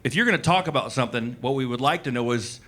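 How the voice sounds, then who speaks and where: This stand-up comedian, a man in his forties, talks fast in a medium-pitched voice with a sharp tone. He's on a comedy club stage in front of a live audience, delivering a loose, conversational routine packed with "likes" and asides.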